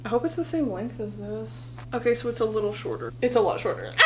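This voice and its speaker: A woman's voice: on the high side, a little hiss or hum. A woman in her twenties chatting casually and sarcastically while decorating her bedroom, sweaty and lightheaded, often laughing at herself. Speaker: YouTuber. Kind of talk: casual vlog chat.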